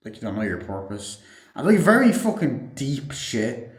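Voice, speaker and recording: A man's voice: mid-range voice, sing-song, moderate pace. A man giving a casual, rambling movie review full of fillers and swearing. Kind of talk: casual spoken film review. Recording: echoey room.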